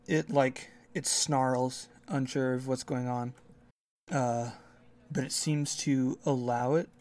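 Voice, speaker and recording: A man's voice: medium pitch, darkish tone. A man narrating a tabletop game as game master, describing the action in a rambling, loose way. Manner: rambling, many fillers and restarts.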